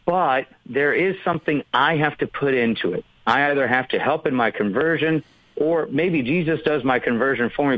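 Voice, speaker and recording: A man's voice: medium pitch, no echo, narrow, tinny audio. A man, a pastor, explaining theology in an earnest, emphatic way during a podcast discussion.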